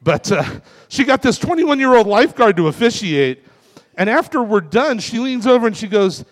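Stand-up comic, man in his forties, raised pitch, deadpan self-mocking jokes, reverberant club room. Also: normal speed. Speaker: stand-up comedian. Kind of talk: stand-up comedy set. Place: comedy club stage.

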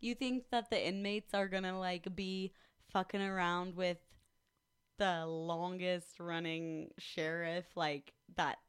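This news segment co-host speaks slowly in a low-leaning voice that's clear and resonant. On a casual studio podcast she reads a news story out loud, animated and joking, and swears freely.

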